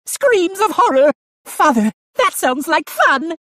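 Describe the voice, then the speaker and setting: A man voicing an evil living ventriloquist dummy with a harsh, raspy voice and a gleeful, eager manner, for an audiobook. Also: very high voice, sing-song, takes it slowly, sharp tone, no room sound, clean studio sound, heavily acted.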